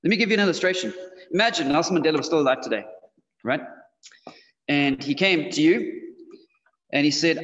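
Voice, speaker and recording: A man's voice: on the high side, lively intonation, a little fast, long pauses, fairly bright tone. A man giving a casual, conversational sermon to teenagers in a church hall. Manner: casual, conversational, with frequent fillers. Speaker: youth preacher. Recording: dull, slightly muffled sound with long hall reverb.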